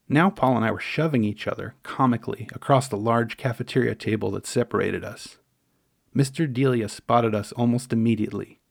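Middle-aged man, wry memoir narrator, gravelly voice, dry close recording. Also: medium pitch, no room sound. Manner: wry, measured, dryly humorous. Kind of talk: memoir storytelling.

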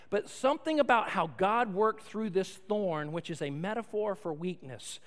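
A man preaching a sermon as pastor, swinging from soft, intimate lines to loud, emphatic ones. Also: extremely high pitch. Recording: long hall reverb.

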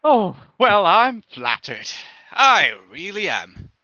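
A stout, doting priestess who fusses over everyone she feeds, in a voice pitched well up, as a man puts her on. The sound is bright and edgy but dull and dry, on lo-fi audio. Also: sing-song, slow pace, no echo, exaggerated voice. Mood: fussing. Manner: fussing, doting. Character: stout, fussing woman priest who serves food.

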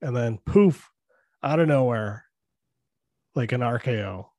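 A man's voice: mid-range voice, lively intonation, measured pace, mellow, no echo. A man co-hosting a podcast, breaking down a movie in loose, profane chat and laughing often. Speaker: podcast co-host.

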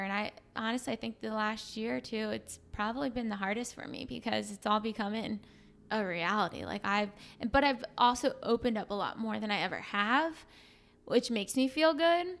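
A young woman talks in a relaxed, chatty way, scattering fillers through her sentences. Her voice sits a bit high and carries a gravelly fry. She speaks as a fitness coach guesting on a podcast. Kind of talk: casual emotional conversation.

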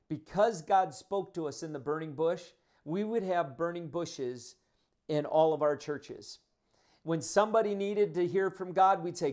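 A man's voice: on the high side, expressive, a little slow, darkish tone. A male pastor delivering a sermon, talking in a conversational, earnest way and often restarting his phrases.

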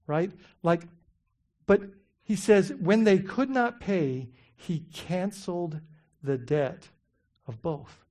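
A pastor preaching a sermon in an animated, conversational way, asking the listeners many questions and often saying "you know" and "right?". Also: mid-range voice, slow pace.

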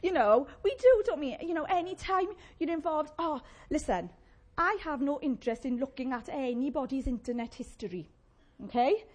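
A woman preaching a sermon, animated and conversational, with playful asides to the congregation. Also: high voice, normal speed.

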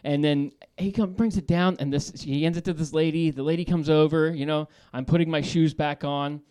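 A man calling in to a talk show, telling a story in a lively, laughing way, swearing and restarting his sentences. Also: on the high side, brisk, clean tone. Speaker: caller. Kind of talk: casual storytelling.

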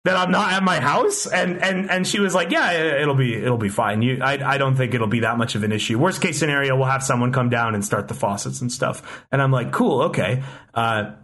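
A man's voice: medium pitch, a little fast, a bit bright. A young man telling a long story in casual chat, rambling with many restarts and frequent swearing.

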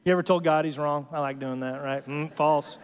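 A man's voice: a little high, quick pace. A male pastor preaching a sermon in a casual, joking way, often checking in with the congregation with "right?". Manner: conversational and joking, peppered with "right?". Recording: long hall reverb.

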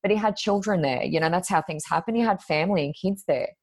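Aussie lady chatting away, low voice, lots of ums and likes. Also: fast talker. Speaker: medium, podcast guest. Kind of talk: conversational storytelling.

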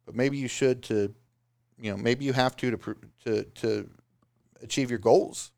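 A man's voice: mid-range voice, a little slow, gravelly, no echo. A man who owns a small business, giving casual motivational advice and now and then putting on mocking voices. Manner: animated, does mocking voices of excuses.

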